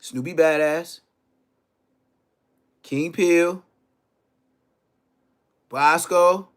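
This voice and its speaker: A man telling a story in an animated way, full of profane street slang. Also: a little high, very slow, clean tone. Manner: profane slang, acts out others' lines.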